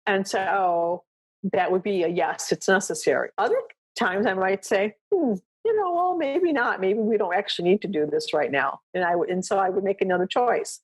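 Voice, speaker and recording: A woman dog trainer hosting a podcast, with a voice at an ordinary middle pitch. She explains things in a loose, chatty way and often stops to ask "right?" or "you know what I mean?" She also slips into quick little acted exchanges with her dog. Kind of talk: coaching talk, casual explanation.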